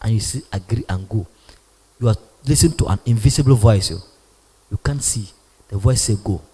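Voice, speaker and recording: A man preaching a sermon, animated, swinging from loud bursts to near whispers. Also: fairly low pitch, fairly quick, breathy edge. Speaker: prophet preaching. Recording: long hall reverb.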